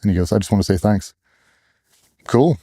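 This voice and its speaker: A man's voice: on the low side, moderate pace, warm tone, husky, no echo, clean studio sound. A man candidly telling a personal story in an interview, blunt and plainspoken, acting out other people's lines as he goes. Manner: blunt, plainspoken, retells dialogue in quotes.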